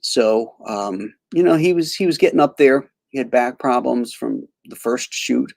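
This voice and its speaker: A man's voice: medium pitch, a little slow, creaky, a little mellow, no echo. Rambling man chatting about old films. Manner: rambling, many fillers and restarts. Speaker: host. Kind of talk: casual film commentary.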